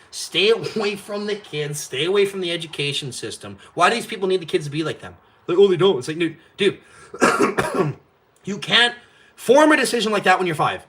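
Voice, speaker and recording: A man's voice: sits high, pushed and bright, a little hiss or hum. A man hosting a live stream, ranting in a heated, profane, rambling way while drinking. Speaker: host. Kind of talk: casual live-stream rant.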